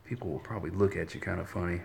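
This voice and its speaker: Low, gravelly man with a mild Southern accent, casual home chat, faint background noise. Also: very fast. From Alabama. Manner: relaxed, chatty, talks to the cats. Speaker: kitten foster carer.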